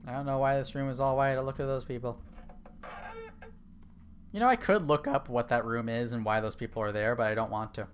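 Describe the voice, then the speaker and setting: A man's voice: medium pitch, quick pace, hardly any pauses, slight background noise. A young man chatting casually while streaming a horror game, rambling with lots of fillers and restarts. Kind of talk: casual gaming stream chat.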